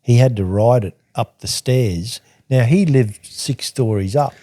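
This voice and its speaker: An older man from Australia telling a rambling travel story on a podcast, halting and restarting as he reads from his journal. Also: medium pitch, mellow, dry recording, clean studio sound. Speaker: podcast guest recounting travels. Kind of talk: casual storytelling chat.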